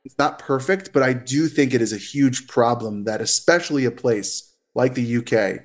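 A man speaking as a therapist guest in a casual podcast interview, talkative and animated, with frequent fillers and restarts. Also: mid-range voice, moderate pace. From United States.

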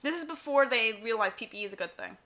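A woman co-hosting a casual podcast, her voice bright and a touch high. She tells stories with lots of energy and slips into quoted voices. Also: fast talker. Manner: animated storytelling, quotes others in voices. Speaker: podcast co-host. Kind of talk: casual chat.

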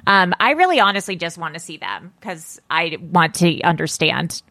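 A woman co-hosts a casual gossip podcast in a fairly low voice. The sound is dry and close, with no room around her. She talks fast and loose, tossing in quick reactions. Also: animated, pushed and bright, no echo. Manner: chatty, reacts with quick exclamations. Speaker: podcast co-host.

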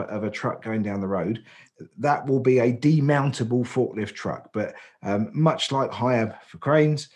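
A man co-hosting a podcast conversation in a mid-range voice. He explains each term patiently and step by step, filling pauses with ums. His tone stays relaxed and chatty. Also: mid-range voice. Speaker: podcast co-host, driver agency office manager. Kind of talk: casual explanatory chat.

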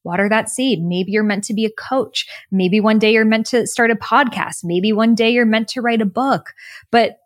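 A woman from the United States, a podcast guest sharing her story in an earnest, animated, spiritual-motivational way. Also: on the high side, moderate pace, no echo, clean studio sound. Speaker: podcast guest, author and coach. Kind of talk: reflective conversational storytelling.

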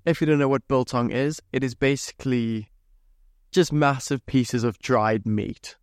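A man's voice: mid-range voice, fairly even intonation, unhurried, darkish tone, no echo, clean studio sound. A young man from Zimbabwe hosting a podcast, telling rambling, chatty stories with casual swearing. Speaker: podcast host. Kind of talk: casual storytelling monologue.

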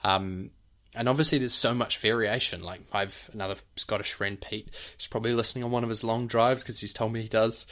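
A young adult man with a somewhat low voice co-hosts a relaxed podcast. He talks at length in an easy, rambling way, leaning on "like" and "you know" as he explains. He often stops to sound out examples. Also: fairly quick, few pauses. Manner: breaks off to demonstrate accent sounds. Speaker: podcast co-host, actor. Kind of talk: casual podcast chat.

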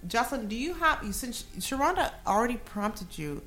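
A woman's voice: fairly high pitch, big pitch swings, normal speed, bright, forceful tone, faint music behind. Blunt, joking woman podcast host. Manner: blunt, joking, swears freely. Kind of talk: casual chat.

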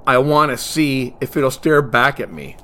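An actor playing a sarcastic, lazy young man in an audio drama, dry and deadpan. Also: medium pitch, a little slow.

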